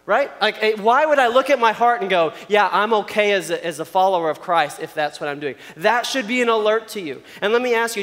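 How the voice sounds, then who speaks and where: Young male preacher, higher register, chatty delivery, recorded with a long echo. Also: fairly bright tone. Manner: casual and conversational, acts out quoted complaints. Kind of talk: sermon. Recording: long hall reverb.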